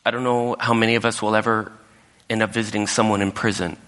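A male pastor delivering a sermon and telling a story, dropping to whispers and rising high when he quotes people. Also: flat delivery, quick pace, fairly bright tone. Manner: storytelling, drops to whispers and rises high when quoting others. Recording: echoey hall with long reverb.

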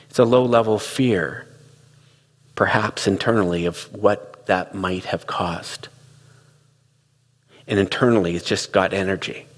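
Heard with a long reverb tail, a middle-aged man with a deep voice speaks on relationships. His talk is reflective and conversational, built on stories in which he acts out the quoted dialogue.

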